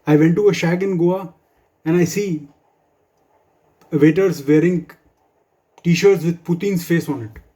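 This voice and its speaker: A man's voice: fairly high pitch, a little slow, long pauses, warm tone. Wry man doing stand-up. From India. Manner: wry, dry humor with asides. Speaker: stand-up comedian. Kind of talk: stand-up comedy set for office colleagues.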